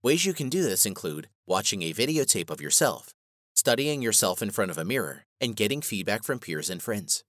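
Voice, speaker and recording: Lively low-voiced man narrating a lesson. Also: brisk, dry recording, clean studio sound. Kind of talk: scripted instructional narration.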